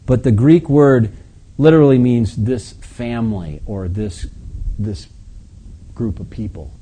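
Male pastor, sermon delivery, deep mellow timbre with a husky edge, surges from hushed asides to loud scripture reading. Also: slow. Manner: preaching with big swings in volume and pitch, reading scripture aloud forcefully.

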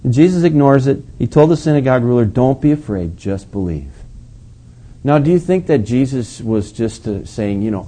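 Mellow, husky male preacher. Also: mid-range voice, animated, moderate pace. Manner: storytelling, acts out quotes, chuckles often. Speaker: pastor. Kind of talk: sermon.

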